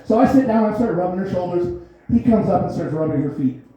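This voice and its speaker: A man's voice: sits high, expressive, fast talker, mellow. A man doing a stand-up comedy set, telling a loose, rambling story and laughing often at his own lines. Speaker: stand-up comic. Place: small comedy theater stage. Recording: very echoey, dull theater recording.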